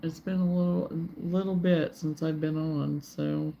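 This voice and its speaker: A woman's voice: low-pitched, fairly even intonation, measured pace, creaky, warm tone, muffled recording. A woman hosting a crochet livestream, chatting in a rambling, easygoing way, yawning and sleepy. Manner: rambling, chatty, reads viewer comments aloud. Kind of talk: casual livestream chat.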